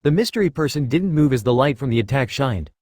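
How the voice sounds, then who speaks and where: Brief: male storyteller, steady read, dry close sound. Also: medium pitch, fast talker, dry recording. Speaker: narrator. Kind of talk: reading fan fiction aloud.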